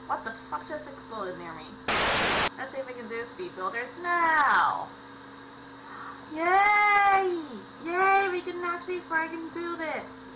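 Young woman gamer yelling and laughing thru her games, high squeaky voice bouncing all over, hum in the back. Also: slow pace. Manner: excitable, yelps and laughs, sudden squeals. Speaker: gaming channel host. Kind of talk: excitable let's-play commentary. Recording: home recording with mains hum.

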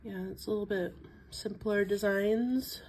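A woman's voice: mid-range voice, steady tone, unhurried, a little mellow, slight background noise. A woman chatting casually to her channel viewers from home, her voice stuffy from a sinus infection, chuckling and stumbling over words now and then. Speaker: coloring book YouTuber. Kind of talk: casual vlog chat.

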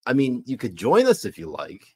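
A man's voice: medium pitch, huge pitch swings, moderate pace, a little mellow, breathy edge. A man voicing a polite, baffled Canadian trucker protester with a put-on Canadian accent, forever apologizing. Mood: polite, puzzled. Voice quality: apologetic, keeps saying sorry and eh.

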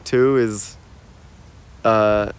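This young American livestreamer walks outdoors in a park-like cemetery, recording on his phone as he chats casually with viewers, laid-back, slangy and laughing frequently. His voice is fairly low, smooth and steady in tone, with drawn-out words.

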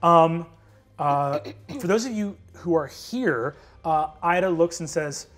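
Lively man narrating as game master. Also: fairly high pitch, takes it slowly. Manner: lively, stumbles with fillers between vivid narration.

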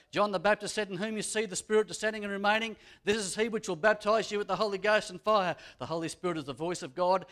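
A man preaching from the pulpit in a fairly high voice. He is a pastor who repeats his key lines and lets his delivery swell for emphasis. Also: fairly bright tone. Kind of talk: sermon. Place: church.

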